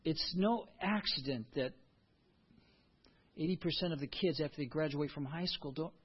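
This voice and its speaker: A man's voice: a little high, moderate pace, husky, muffled recording. A man preaching a sermon as a pastor, earnest and emphatic.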